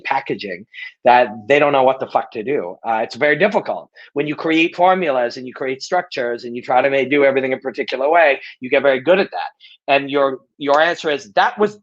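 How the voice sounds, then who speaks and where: Recorded muffled, a medium-pitched middle-aged man hosts a live Q&A. His casual monologue is blunt and emphatic, with free cursing and points he keeps restating.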